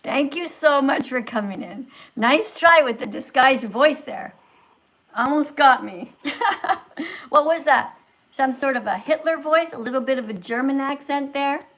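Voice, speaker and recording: A woman hosting a livestream as a teacher, lecturing and scolding her viewers in a moralizing tone that swings between loud and soft. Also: sits high, measured pace, low-quality recording. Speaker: livestream host posing as a teacher.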